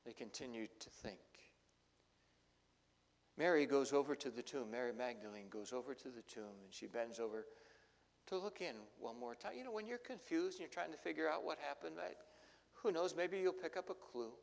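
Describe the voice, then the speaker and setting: A male pastor preaching a sermon, telling the story dramatically and swinging between loud and hushed. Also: mid-range voice, lively intonation, moderate pace, vocal fry. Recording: long hall reverb.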